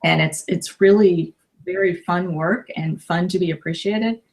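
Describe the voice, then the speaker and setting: A life coach and author in her fifties speaks warmly and emotionally in a casual interview, restarting her sentences often. Her voice is lowish and a little slow.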